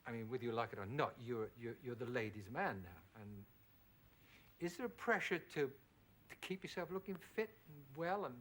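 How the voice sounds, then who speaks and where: Casting: middle-aged male host, animated and lively in pitch, bright, forceful voice, steering a friendly interview. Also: normal speed. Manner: friendly, leading questions. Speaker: talk show host. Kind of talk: talk show interview.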